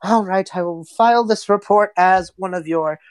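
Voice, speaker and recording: A woman's voice: medium pitch, normal speed, no echo, voice pushed up, natural voice. A woman voicing a prim, officious human lawman in a tabletop game.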